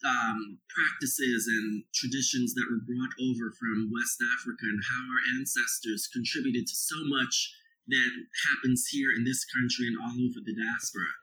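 A man's voice: mid-range voice, steady tone, normal speed, pushed and bright, low-quality recording. A middle-aged man speaking as an interview guest, earnest and reflective, telling stories from his life. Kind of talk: conversational interview.

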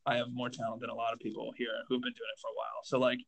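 A man's voice: mid-range voice, monotone, very fast, creaky, fairly bright tone. A young man, a stand-up comedian, chatting casually on a podcast, rambling with lots of fillers and restarts. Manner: rambling, filler-heavy, says dude a lot.

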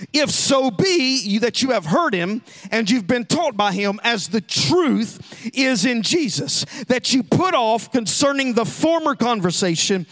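A man delivers a sermon from the pulpit. His voice sits very high for a man. He moves between hushed, quick asides and loud, sing-song peaks of emphasis. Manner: preacherly, swings from quiet asides to shouted, sung emphasis. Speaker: pastor.

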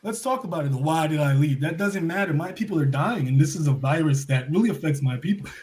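A man from New York giving an impassioned monologue full of rhetorical questions, swinging between loud and soft as a podcast guest. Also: fairly high pitch, expressive, fast talker.

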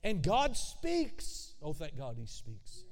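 A man preaching a sermon as pastor, animated, with conversational asides and acted-out voices. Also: on the high side, slow pace, creaky. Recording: long hall reverb.

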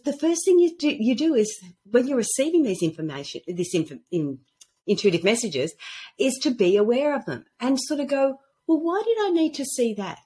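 A woman speaks as a guest on a casual podcast, telling stories with real animation. Her voice is a little husky, and her pitch swoops high and low as she acts out the quoted lines. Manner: animated storyteller acting out quoted dialogue. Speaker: guest author on intuition. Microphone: podcast microphone at a computer.

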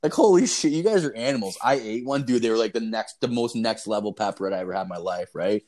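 A man's voice: lowish voice, fast talker. Profane rambling man telling stories. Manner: profane, rambling, animated storytelling. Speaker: storyteller in casual chat. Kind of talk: casual chat. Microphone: online voice call.

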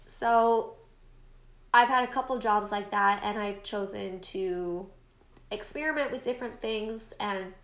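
A woman's voice: medium pitch, unhurried, roomy sound. A woman in her late twenties hosting her own podcast, talking in a casual, encouraging and self-deprecating way, with a stuffy nose. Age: late 20s. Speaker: podcast host. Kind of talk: casual solo podcast monologue.

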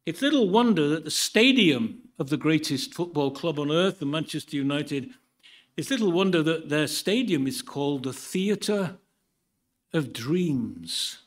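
A man from the United Kingdom preaching a sermon in a church, moving from a measured Bible reading into relaxed talk with dry humour. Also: a little high.

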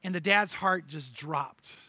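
Bright high-voiced man preaching a story. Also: takes it slowly, slightly rough, dry recording. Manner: animated, acts out the characters' lines; repeats words when telling the story. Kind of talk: sermon storytelling.

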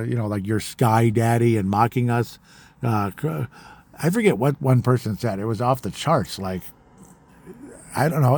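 A man hosting his own podcast talks in a loose, rambling monologue, circling back and repeating himself as he goes. His voice is mellow and soft-edged, and the recording is dry and close, with no room sound. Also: medium pitch, dry recording. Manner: rambling, repeats words, gets heated. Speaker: podcast host. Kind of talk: casual opinion monologue.

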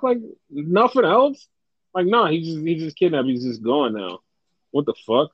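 A man's voice: sits high, lively intonation, normal speed, dry recording. A young man co-hosting a casual podcast, talking animatedly, swearing often and mimicking fans in exaggerated voices. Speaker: podcast co-host. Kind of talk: casual wrestling podcast chat. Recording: dry, slightly dull podcast mic.

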